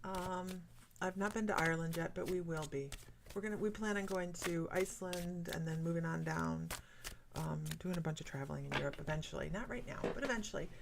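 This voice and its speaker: A woman from Michigan hosting a casual psychic-reading livestream, chatty and quick to laugh, greeting viewers by name. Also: fairly low pitch, vocal fry, noisy background. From Michigan, USA. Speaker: psychic medium livestream host.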